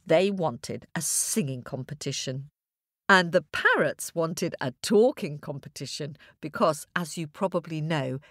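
A woman tells a children's fable in a playful, animated voice that rises and falls a lot. She speaks slowly and talks straight to the young listeners. The sound is dry and close. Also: on the low side, no room sound. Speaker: storyteller. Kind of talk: children's story narration.

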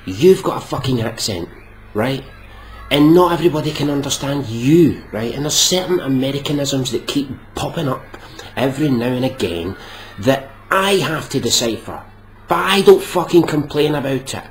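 A man's voice: medium pitch, lively intonation, normal speed, slight background noise. A young Scottish man ranting into his vlog, exasperated and sarcastic, swearing a lot. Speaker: vlogger.

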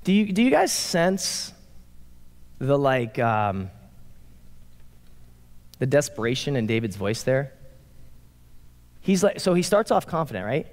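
A man in his forties, a pastor giving a casual, conversational sermon in an animated, playful way. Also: mid-range voice, slow, long pauses. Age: 40s. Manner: animated, playful, acts out quotes. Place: church sanctuary. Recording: long reverb of a large hall.

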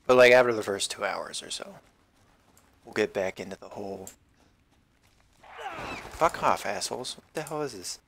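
A man's voice: lowish voice, animated, normal speed, vocal fry, long pauses, fairly bright tone, slight background noise. A man giving casual let's-play commentary while gaming, rambling and wisecracking with plenty of swearing. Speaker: gameplay commentator.

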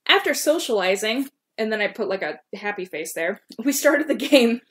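A woman's voice: medium pitch, big pitch swings, normal speed, a little hiss or hum. A woman co-hosting a podcast, casually reading her old fan fiction aloud and stopping to comment on her own writing. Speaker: podcast co-host.

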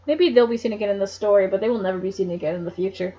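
A woman's voice: mid-range voice, rapid-fire, hardly any pauses, warm tone. Woman reading a story aloud, lo-fi. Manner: chatty asides, laughs at the story. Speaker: narrator.

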